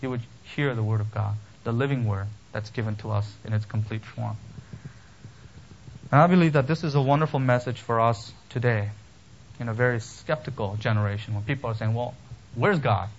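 A middle-aged man preaching a sermon, earnest and steady, rising to emphatic peaks with touches of gentle humor. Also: medium pitch, a little fast, dull audio, a little hiss or hum. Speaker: pastor.

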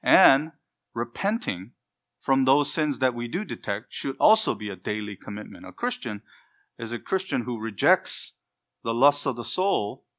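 A man's voice: mid-range voice, a bit bright. Earnest emphatic preacher, male. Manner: earnest, emphatic, builds phrases in lists. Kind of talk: expository sermon.

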